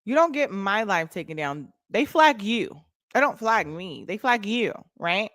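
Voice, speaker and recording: A woman's voice: mid-range voice, animated, a little slow, fairly bright tone, dry recording, clean studio sound. A woman, livestreaming and chatting bluntly and mockingly to her viewers. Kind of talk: casual livestream chat.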